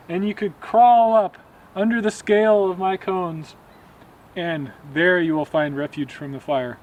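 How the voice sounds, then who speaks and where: A man voicing an ancient giant Douglas fir tree, speaking slowly and reassuringly in a told folk tale. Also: high voice, voice pushed up. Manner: slow, reassuring, stately.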